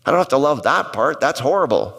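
A man's voice: mid-range voice, big pitch swings, fairly quick, vocal fry, a bit bright, slightly rough. A man preaching a sermon as pastor, telling stories in a conversational way and putting questions to the congregation. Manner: conversational storytelling with asides to the congregation. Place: church auditorium. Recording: long hall reverb.

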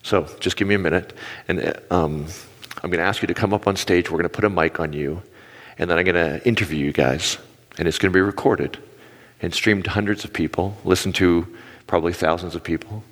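Preaching on stage, a pastor in his forties speaks a little fast in a low voice. The long hall reverb carries his animated stories and acted-out quotes.

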